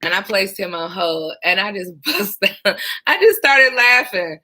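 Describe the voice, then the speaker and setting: A former 911 dispatcher telling stories from the job in a casual, animated way, often breaking into laughter. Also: female voice, medium pitch, measured pace. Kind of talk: casual storytelling vlog.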